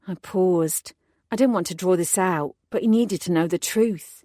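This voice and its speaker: A woman narrating a first-person audiobook in a clear, steady storytelling voice on a close studio mic. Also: fairly low pitch, unhurried, no echo.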